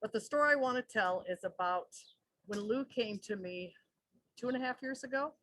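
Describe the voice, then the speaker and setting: Husky chatty woman telling a neighbor story. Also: a little high, normal speed, fairly bright tone, poor audio. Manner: chatty storyteller, laughs while talking. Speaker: neighbor of the deceased.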